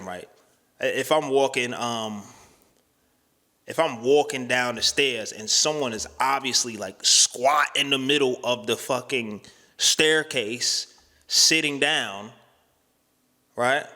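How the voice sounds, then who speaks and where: Brief: candid male vlogger, bright tone, rambling slangy delivery, long reverb around him. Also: mid-range voice. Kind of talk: casual talking-to-camera vlog.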